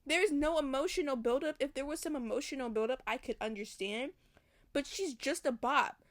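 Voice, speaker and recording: Woman, slightly high pitch, audiobook reader, blunt, exasperated, profane asides. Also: normal speed. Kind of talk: reading aloud with commentary.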